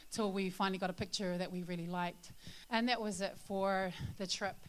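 A woman's voice: mid-range voice, fairly even intonation, a little fast, clear, resonant tone. A woman sharing a testimony with her church congregation, a chatty storyteller full of fillers who turns earnest and confiding.

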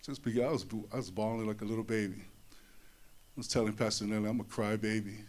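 A man giving a personal testimony to an audience. He talks in an animated way, repeats his words, and drops low and soft in tender moments. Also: fairly quick. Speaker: speaker sharing a personal testimony. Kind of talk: emotional storytelling speech.

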